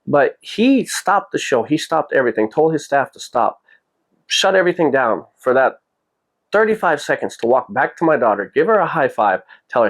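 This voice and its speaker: A man's voice: a little high, very animated, moderate pace. A man hosting his own vlog, telling a personal story in a rambling, casual way full of "you know" and quoted dialogue. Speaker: vlog host.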